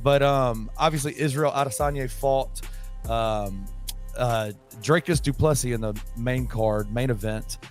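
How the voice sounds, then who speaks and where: A hoarse man co-hosting a casual sports podcast, rambling with many restarts. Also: mid-range voice, a little slow, faint music behind. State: hoarse from illness. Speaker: podcast co-host.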